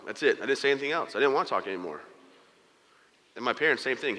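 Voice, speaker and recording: A man's voice: fairly low pitch, lively intonation, quick pace, sharp tone. A man giving a candid, joking motivational talk, telling his own story to an audience in a large event hall. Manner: candid, joking, acts out quoted dialogue. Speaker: motivational speaker. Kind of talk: personal storytelling speech to an audience. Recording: hall reverb.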